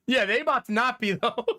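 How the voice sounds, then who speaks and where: A man in his thirties chatting casually with viewers on a livestream, telling funny stories about his kids and laughing often. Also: extremely high pitch. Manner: animated storytelling with frequent laughter. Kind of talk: casual chat reading viewer comments.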